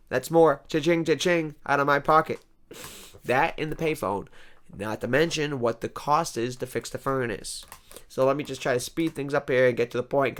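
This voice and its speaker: A man hosting a comedy vlog, ranting in a rambling, exasperated monologue that swings between loud outbursts and quiet asides. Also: mid-range voice, smooth.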